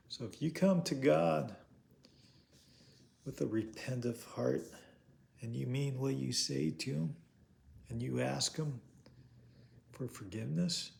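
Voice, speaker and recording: Gravelly-voiced man preaching earnestly. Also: medium pitch, slow pace, pauses often, darkish tone. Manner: earnest, repeats phrases, rhetorical questions. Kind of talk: informal sermon.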